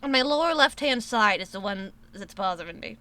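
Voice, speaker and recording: A woman's voice: medium pitch, animated, a little fast, bright, forceful tone. A woman streamer chatting casually with her viewers, swearing a lot and restarting sentences as she rambles about a sore tooth. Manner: profane, rambling, many restarts. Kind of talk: casual live-stream chat.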